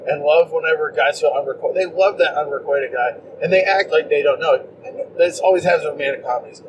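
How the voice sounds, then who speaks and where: A man co-hosting a podcast, chatting casually about movies in a rambling, animated way and acting out quotes in mocking voices. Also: on the high side, quick pace, few pauses, dull audio. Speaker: podcast co-host. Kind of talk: casual movie-review chat. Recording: distant mic with clear background noise.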